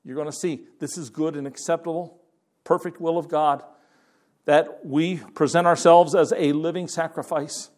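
A man's voice: on the high side, steady tone, moderate pace, darkish tone. A man preaching a conversational sermon to his congregation in church, with frequent restarts and fillers. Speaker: pastor.

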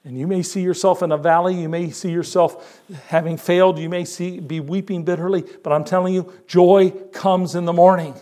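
An older male preacher gives a sermon in a voice a little high for a man, at a moderate pace. He quotes scripture and repeats words for emphasis, his expressive delivery rising and falling.

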